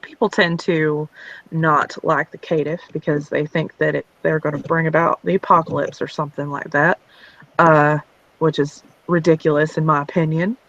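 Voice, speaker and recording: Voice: medium pitch, level tone, normal speed, a bit bright, no room sound, dull audio, lightly acted. A player doing a frank young vampire woman. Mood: skeptical. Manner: casual, frank, talks in restarts. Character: blunt young woman vampire, gym owner.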